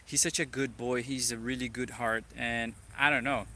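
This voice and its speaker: In a reflective vlog monologue, a man from Brazil rambles earnestly with a Brazilian Portuguese accent and lots of "like" fillers. His medium-pitched voice is steady, bright and forceful at a normal speed, over slight background noise.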